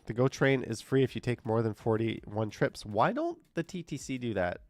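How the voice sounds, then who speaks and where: A live streamer indoors, nasal and congested from a cold, reads his chat out loud and casually responds to viewers. His mid-range voice is animated and a little mellow, moving at a moderate pace in a dry recording.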